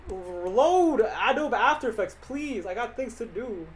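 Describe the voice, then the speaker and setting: In this poor-quality audio, a young man with a very high, expressive voice speaks unhurriedly. He's streaming live as an animator, answering viewer questions in a casual chat that's offhand, rambling and full of jokes.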